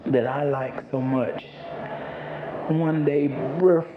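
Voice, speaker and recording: A man telling folk tales in a slow, dramatic storytelling delivery. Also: on the high side, fairly even intonation. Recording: roomy, dull, noisy recording.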